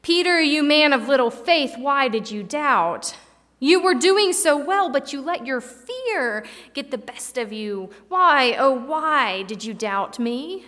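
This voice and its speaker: A woman's voice: sits high, animated, slow pace, fairly bright tone, heavily acted. A woman voicing a male teacher who questions a follower's doubt in a searching, reproving way. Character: teacher man gently questioning a disciple's doubt. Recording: long hall reverb.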